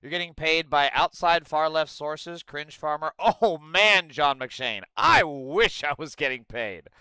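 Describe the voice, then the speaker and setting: A profane, sarcastic man rants on his livestream into a close mic. His voice is bright and clear, with a wildly swinging pitch. The sound is dry, with no room around it. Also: animated, unhurried, no room sound. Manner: profane, sarcastic, yelling outbursts. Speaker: livestream host. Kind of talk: ranting livestream commentary.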